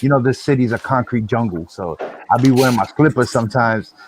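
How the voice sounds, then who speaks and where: A man hosting a casual podcast, telling stories in an animated, profane way with lots of fillers. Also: mid-range voice, brisk, background noise. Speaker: podcast host. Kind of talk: casual storytelling chat.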